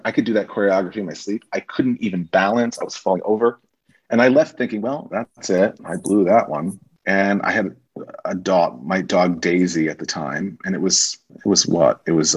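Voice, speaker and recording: A man guest on a podcast, telling stories from his acting career in a lively, casual way and acting out the people he quotes. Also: deep voice, breathy edge. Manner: animated storyteller, acts out quoted voices. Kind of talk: casual storytelling interview. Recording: muffled lo-fi recording.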